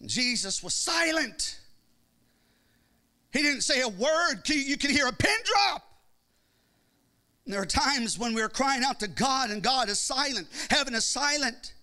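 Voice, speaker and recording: Midwestern pastor guy, high bright voice, preaching hard with that singsong rhythm. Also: animated, measured pace, pauses often. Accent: Midwestern American. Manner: fervent preaching, building to shouts and sing-song cadence. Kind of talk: sermon.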